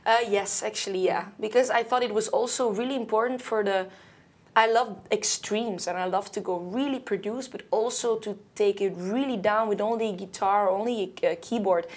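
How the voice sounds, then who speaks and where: A woman's voice: mid-range voice, normal speed. A young woman from Belgium, a singer talking casually in an interview, loose and chatty with many fillers and small slips. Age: young adult.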